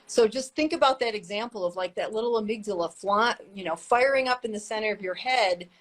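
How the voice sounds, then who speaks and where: A woman's voice: medium pitch, fairly quick. A middle-aged woman, a mediator and therapist, talking in an earnest, teacherly way and repeating her key points. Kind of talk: casual explanatory chat.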